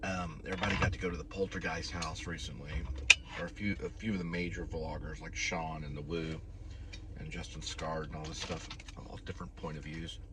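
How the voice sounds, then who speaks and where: Brief: deep-voiced male delivery driver, rambling mid-meal, heard through a distant camera mic with a noisy car behind him. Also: little pitch movement, brisk. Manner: rambling, talks while chewing. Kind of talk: casual eating vlog.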